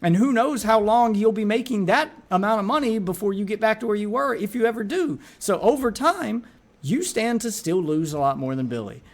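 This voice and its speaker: A high-pitched man talks over a clip as a streamer, casual and exasperated. He stumbles and repeats words when he gets worked up. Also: lively intonation, brisk. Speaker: streamer reacting to a video. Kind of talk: casual reaction commentary.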